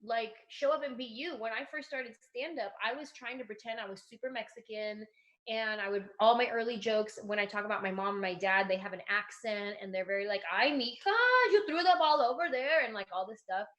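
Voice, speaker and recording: Woman comedian, 30s, mid-pitched, chatty and animated, acts out voices. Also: brisk. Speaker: comedian guest. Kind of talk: casual interview advice.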